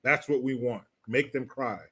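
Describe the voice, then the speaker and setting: A man's voice: medium pitch, steady tone, moderate pace, bright, forceful tone, breathy edge. A man hosting a casual commentary show, reading out viewer messages and joking between them with frequent laughs. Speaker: host.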